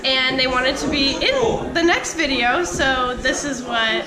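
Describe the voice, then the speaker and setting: A young woman vlogger at a birthday party, quickly and breezily explaining to an action camera. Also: high voice, lively intonation, echoey room, rough recording. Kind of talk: casual party vlog. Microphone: handheld action camera. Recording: loud party music and crowd noise.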